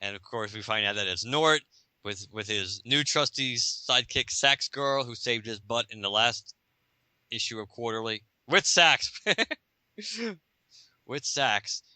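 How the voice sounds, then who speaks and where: A man's voice: mid-range voice, moderate pace, sharp tone, smooth, dry recording. A man co-hosting a podcast over a Skype call, chatting casually and laughing a lot as he acts out quoted lines in different voices. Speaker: podcast co-host. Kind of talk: casual comic book chat.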